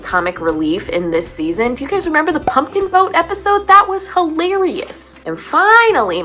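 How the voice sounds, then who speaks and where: Lady ranting about last night's episode, lower voice, lots of "like", bit of music in the back. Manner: animated, exasperated retelling with many "like"s. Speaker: recap vlogger. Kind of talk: casual chat.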